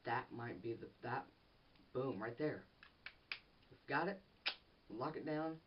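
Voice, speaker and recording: A teenage boy rambles excitedly through a casual film review, restarting sentences and losing his thread. He sounds set back from the microphone, and the audio is dull and lo-fi with a faint hiss underneath. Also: mid-range voice, slow pace, far from the mic. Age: teens. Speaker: movie reviewer.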